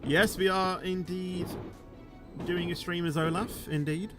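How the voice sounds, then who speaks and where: Speaking slowly and with fairly even intonation, a high-pitched male game streamer rambles over music during a livestream. He keeps saying "you know," and his lines tend to climb at their ends.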